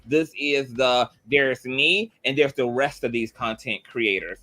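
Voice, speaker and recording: A man's voice: mid-range voice, unhurried, pushed and bright. A man giving a heated, blunt commentary monologue, swearing freely and repeating his points for emphasis. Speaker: online commentator.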